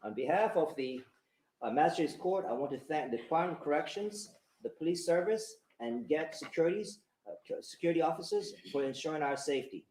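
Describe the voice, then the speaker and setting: Earnest magistrate in echoey court. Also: male voice, fairly high pitch, expressive, darkish tone. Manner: earnest, emphatic, slows for stress. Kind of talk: formal courtroom speech. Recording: roomy courtroom echo.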